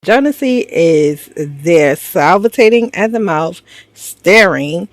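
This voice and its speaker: Speaking slowly in a lowish voice with lively intonation, a woman casually recaps a TV drama episode for her viewers. She's gossipy and slangy, laughs a lot, and addresses the viewers directly. There's no room sound.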